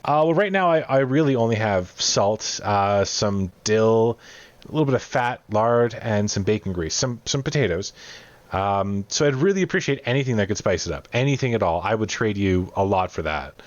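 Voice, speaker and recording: A man's voice: lowish voice, expressive, moderate pace, dry recording, highs cut off, natural voice. A man voicing a frightened woman cook in a tabletop game, anxious and eager to trade. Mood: pleading. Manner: anxious, pleading, fluttery.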